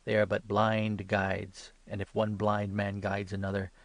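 A man voicing Jesus as a calm, commanding male teacher in a scripture reading, speaking in an earnest, rebuking way. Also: on the low side, unhurried, dry recording. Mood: solemn.

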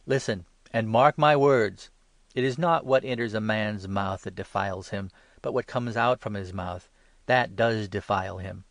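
A man voicing Jesus as a calm, commanding male teacher in a scripture reading, speaking in an earnest, rebuking way. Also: lowish voice, normal speed, no echo, close to an everyday voice. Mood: solemn.

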